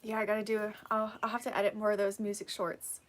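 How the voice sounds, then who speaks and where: A woman's voice: medium pitch, completely flat delivery, quick pace. A woman hosting a casual live stream who reads out viewer comments, encouraging and laughing often, sleepy and yawning.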